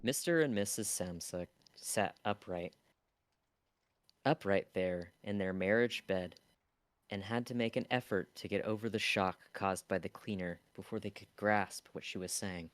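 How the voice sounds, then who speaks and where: Deep-voiced man reading a novel aloud. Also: unhurried, no room sound. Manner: casual reading with stumbles and blunt asides. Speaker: streamer.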